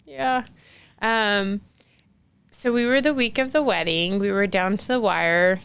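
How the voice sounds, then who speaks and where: A woman's voice: mid-range voice, unhurried, fairly bright tone, clean tone. A young woman guest on a podcast telling a personal story in a casual, chatty way, full of fillers and acted-out quotes. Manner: chatty, many fillers like "like", acts out quoted dialogue.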